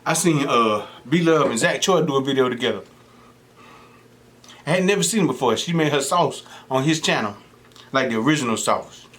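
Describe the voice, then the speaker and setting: A man's voice: mid-range voice, normal speed. A young man chatting casually on his eating show, telling stories and mimicking the people he quotes. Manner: animated storytelling, mimics voices of people he quotes. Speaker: mukbang host. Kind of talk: casual chat while eating.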